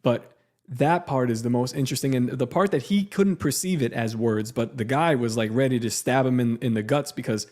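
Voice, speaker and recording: A man's voice: medium pitch, fairly quick, darkish tone. A young man telling a story in casual podcast chat, acting out quotes and dropping in "like" and "dude". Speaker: podcast co-host.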